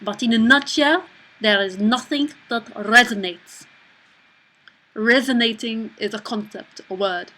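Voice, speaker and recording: A woman doing a slow, deliberate mock French accent for a blunt, dismissive man she reads out. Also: on the high side, pushed and bright.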